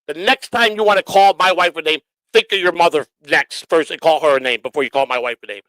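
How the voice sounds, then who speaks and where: A man's voice: on the high side, fast, no room sound, rough recording. A middle-aged man, hosting his own livestream and ranting at critics with heavy profanity. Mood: angry. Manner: profane, combative, shouting at critics. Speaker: livestream host. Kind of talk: angry livestream rant.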